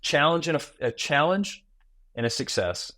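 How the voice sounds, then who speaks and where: A man in his forties, a podcast guest who tells stories in a lively way and acts out small talk in quick asides. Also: on the high side, no room sound. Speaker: guest, founder and keynote speaker. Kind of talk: conversational podcast interview.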